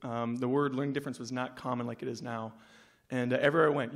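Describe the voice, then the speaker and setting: A man's voice: mid-range voice, flat delivery, rapid-fire. A man giving an informal speech at a school breakfast, rambling and conversational and full of homespun analogies.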